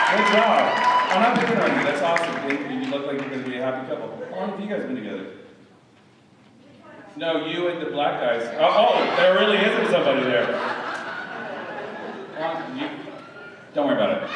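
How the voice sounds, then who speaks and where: A man's voice: mid-range voice, very noisy. A man in his thirties doing a crude, profane stand-up set with crowd work, on a comedy club stage. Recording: echoey club heard from far off. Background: audience laughter.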